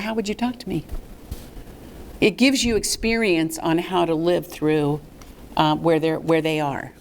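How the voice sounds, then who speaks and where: A woman presenting a fundraising workshop to a live audience in a lively, chatty way. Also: mid-range voice. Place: meeting room with a live audience.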